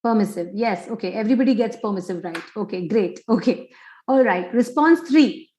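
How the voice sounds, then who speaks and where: A woman's voice: medium pitch, animated, a little fast, a little mellow, reverberant, slight background noise, rough recording. A woman psychologist giving an online parenting workshop, quizzing listeners with many questions.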